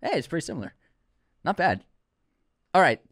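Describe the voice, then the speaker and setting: A man's voice: fairly high pitch, sing-song, moderate pace, no room sound, studio quality. A man co-hosting a podcast in casual chat, talking with enthusiasm and teasing his partner. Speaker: podcast co-host.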